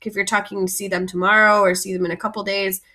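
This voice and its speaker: A woman's voice: mid-range voice, flat delivery, fast talker, sharp tone. A woman teaching French vocabulary in a patient, explanatory lesson, often recapping and repeating terms.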